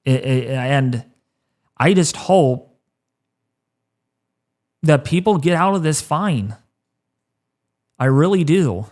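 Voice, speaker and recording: A man's voice: fairly high pitch, expressive, a little mellow. Tearful man in his thirties. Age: 30s. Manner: choked up, halting and repeating himself. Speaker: livestream weather host. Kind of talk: emotional livestream talk.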